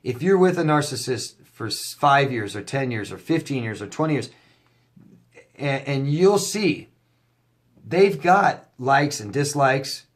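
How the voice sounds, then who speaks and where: A man speaking as a coach in a casual to-camera monologue, with a voice of ordinary middle pitch. He swears freely and keeps the tone conversational. His emphasis climbs high and loud whenever a point excites him. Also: measured pace. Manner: animated, profane, rising to near-shouting emphasis.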